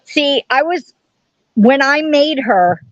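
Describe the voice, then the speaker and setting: A woman hosts a relaxed live stream from home, talking to her viewers and greeting them by name. She speaks slowly, with a fairly high voice. The sound is dry and a little dull. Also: no echo. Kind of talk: casual live stream chat. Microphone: camera on tripod.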